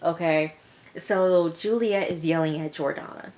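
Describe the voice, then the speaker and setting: A woman's voice: lowish voice, a little slow, a little mellow. A woman casually recapping a reality TV episode in a chatty, slangy, exasperated way. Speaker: TV show reviewer.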